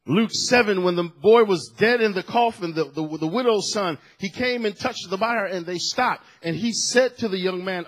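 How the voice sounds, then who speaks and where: A middle-aged male pastor preaching a sermon, swinging from shouted emphasis to hushed asides. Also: high-pitched, moderate pace, hardly any pauses, rough recording.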